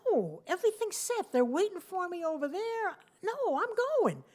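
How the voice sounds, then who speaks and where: A woman's voice: very high-pitched, sing-song, moderate pace, darkish tone, pitched above the performer's own voice. A woman storyteller voicing a bold, determined woman aviator who speaks firmly and resolutely. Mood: defiant. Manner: firm and resolute.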